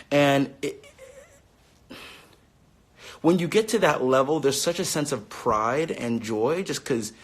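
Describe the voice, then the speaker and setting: A young man in his late twenties talks casually into his phone on a live stream, reading out fan questions. He is upbeat and chatty, laughs easily and fills pauses with ums, at a mid pitch. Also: husky. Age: 20s.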